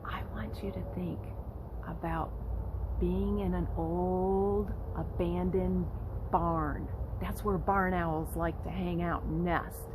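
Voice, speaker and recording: A woman nature educator giving an expressive lesson to children, speaking directly to her young listeners. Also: fairly low pitch, slow pace, background noise.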